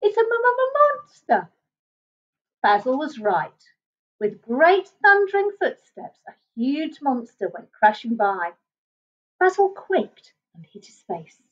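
Woman reading a picture book aloud, slow and lively. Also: a little high, muffled recording. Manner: expressive, gentle read-aloud. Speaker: storybook reader.

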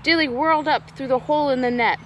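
A young adult woman, a nature educator, reading a rhyming picture book aloud to children at a slow pace. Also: sits high, steady tone, noisy background.

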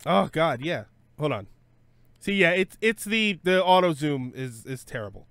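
A man with a slightly raised pitch chats casually on a live stream, rambling and joking as he thinks aloud. He trips over his words, restarts sentences and fills gaps with "uh" and "um". The sound is dry and close, with no room around it. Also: lively intonation, unhurried, a bit bright, smooth, dry recording. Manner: self-correcting with frequent fillers. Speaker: streamer host.

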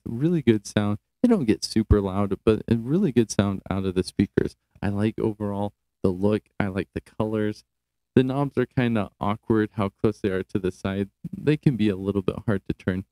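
A man giving a casual, chatty product review from a quiet small room, easily impressed, speaking into a cheap wireless handheld mic. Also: on the low side, dry recording, poor audio. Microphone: the reviewed unit's wireless handheld mic.

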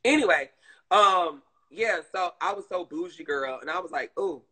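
A man's voice: high voice, moderate pace, husky. A man from Georgia, chatting casually and telling stories on a live stream. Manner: chatty, expressive storytelling.

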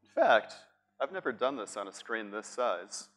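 A man's voice: lowish voice, normal speed, soft background music. A man speaking to a live audience at a conference, upbeat and talking straight to the room as he leads a workshop. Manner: animated, upbeat, addresses the room directly.

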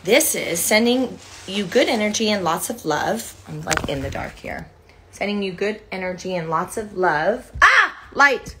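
A tired actress in her forties chats on a phone livestream from an indoor room at home with couches, thanking fans by reading their cards aloud and filling her speech with "like". Her voice is medium-pitched at normal speed, with background noise.

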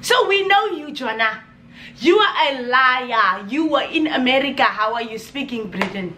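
A young woman with a Namibian accent rants to camera in a casual vlog. Her voice sits high and sounds sharp and bright. She talks with exasperated, animated energy and slips in laughing asides over faint background noise. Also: moderate pace, roomy sound. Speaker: vlogger.

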